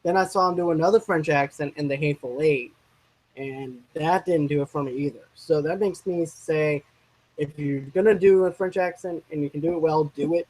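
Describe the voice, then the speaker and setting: A man's voice: on the high side, normal speed, darkish tone, rough recording. A man co-hosting a casual movie discussion, rambling and restarting his sentences as he works through his opinions. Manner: rambling, restarts and trails off mid-thought. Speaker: co-host of a movie discussion channel.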